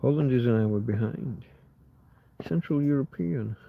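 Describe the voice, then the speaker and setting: A man's voice: mid-range voice, unhurried, creaky, a little hiss or hum. A man from England, hosting a rambling live chat and talking to himself as he works things out. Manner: musing, self-interrupting, easily puzzled. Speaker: livestream host. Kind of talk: rambling live chat, reading comments aloud. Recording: slightly dull, lo-fi stream audio.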